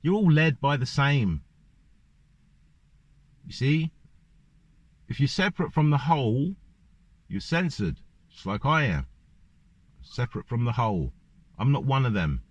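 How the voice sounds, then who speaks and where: A man's voice: mid-range voice, big pitch swings, measured pace, pauses often, dry recording. Ranting man, lo-fi and dry. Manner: repeated rhetorical questions, ranting. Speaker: vlogger. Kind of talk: monologue to camera. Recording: dull lo-fi dry recording.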